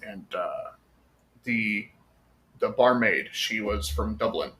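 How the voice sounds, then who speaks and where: A man's voice: lowish voice, lively intonation, slow pace, sharp tone, a little hiss or hum. An American man chatting on a podcast, telling rambling stories with lots of fillers and casual swearing. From United States. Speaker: podcast guest.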